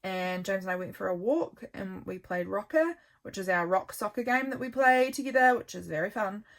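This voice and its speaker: A young woman with a New Zealand accent chats casually at home as she flips through her journal, rambling and making warm asides to her viewers. She sounds tired and yawns, speaking at normal speed in a mid-range voice with lively intonation.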